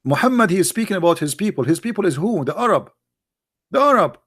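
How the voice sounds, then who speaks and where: High-voiced sarcastic man. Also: animated, very fast, breathy edge. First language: Arabic. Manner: sarcastic, emphatic rhetorical questions. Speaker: religious critic. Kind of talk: polemical monologue.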